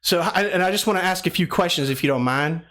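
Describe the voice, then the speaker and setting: A man's voice: high voice, quick pace, a bit bright. A man putting on a Southern accent to play a chatty, stammering dad on a prank call. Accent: put-on Southern US. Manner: rambling, stammering, apologetic. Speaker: prank caller.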